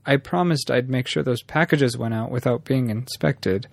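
A man reading a story aloud, voicing a guilt-ridden young man who talks in a hurried, pleading way. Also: medium pitch, vocal fry, a little mellow, no room sound. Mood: remorseful.

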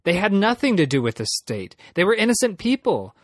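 Guy reading as a tearful guilty young man, rushing his words, dry close mic. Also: sits high, sing-song, dry recording, pitched above the performer's own voice. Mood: pleading.

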